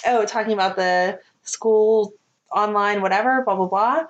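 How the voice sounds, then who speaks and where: A woman's voice: mid-range voice, unhurried, dull audio. Chatty woman podcast co-host. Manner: chatty, animated storytelling. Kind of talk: casual chat.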